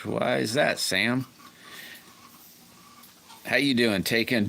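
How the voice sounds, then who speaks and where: A man's voice: on the low side, a little slow, creaky, pauses often, sharp tone, a little hiss or hum. A man hosting a casual livestream, greeting viewers by name and rambling through his workshop troubles. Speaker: livestream host. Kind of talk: casual live-stream chat.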